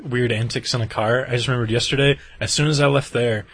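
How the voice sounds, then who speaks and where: Husky man telling animated stories. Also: medium pitch, fast talker. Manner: animated, acts out quotes, laughs often. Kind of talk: casual storytelling chat.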